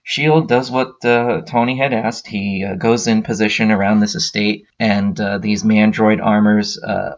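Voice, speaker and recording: A man's voice: lowish voice, little pitch movement, normal speed, few pauses, dull audio. A man hosting a podcast, casually retelling a story in a rambling way with many filler sounds. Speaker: podcast host.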